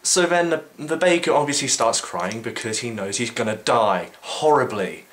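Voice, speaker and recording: A man's voice: medium pitch, animated, normal speed, a bit bright. A young man vlogging, retelling a story casually with sarcasm, swearing and frequent fillers.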